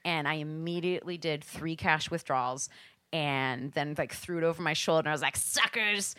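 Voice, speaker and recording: A woman hosting a podcast in casual chat, joking and self-mocking with quick asides. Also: deep voice, steady tone, a bit bright, smooth, dry recording. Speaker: podcast host and moderator.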